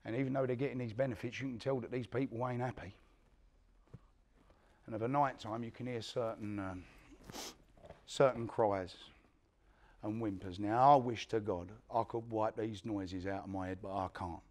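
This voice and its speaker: A man's voice: on the low side, fairly even intonation, normal speed, pauses often, a little mellow, lightly acted. A man acting out an aging East London career criminal in a one-man stage monologue, telling his story bluntly and with plenty of swearing. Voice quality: blunt, profane street talk. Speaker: one-man play performer. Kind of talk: theatrical monologue.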